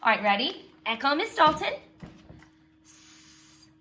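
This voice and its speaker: A woman teaching a phonics lesson to young children, patient and slow, prompting them to repeat sounds after her. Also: fairly high pitch, expressive, pushed and bright.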